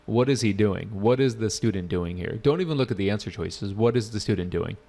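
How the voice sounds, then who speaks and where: A man's voice: lowish voice, animated, brisk, dark tone. A man teaching a live online test prep class, casual and joking as he walks through questions and answers student chat.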